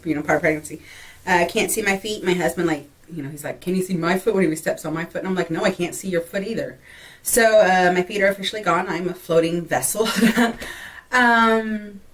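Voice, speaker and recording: A young woman from Texas chatting casually in a pregnancy vlog, laughing often, full of fillers and a little short of breath. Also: on the low side. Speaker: vlogger. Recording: voice a bit far from the mic.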